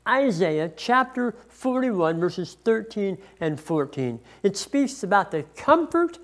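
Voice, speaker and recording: A preacher delivering a sermon at an unhurried, measured pace, pausing between phrases. Scripture is read aloud with weight and stress on key words, and the voice sits at a middling pitch. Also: sing-song. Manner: slow, deliberate preaching, reading scripture aloud with emphasis. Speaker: pastor.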